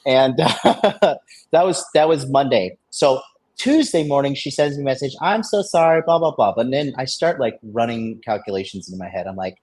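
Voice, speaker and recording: A man's voice: medium pitch, animated, moderate pace, a little mellow, husky. A man casually telling a story in a men's dating discussion, boastful and profane, rambling with plenty of fillers and restarts. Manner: boastful, swears freely.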